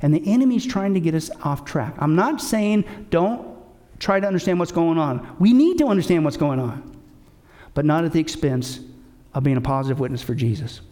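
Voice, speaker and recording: A male pastor preaching with a high, lifted voice. He presses each point hard and keeps throwing questions back at his listeners. Now and then he drops in a dry joke. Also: animated, moderate pace, mellow. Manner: emphatic, asks the audience rhetorical questions. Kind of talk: sermon.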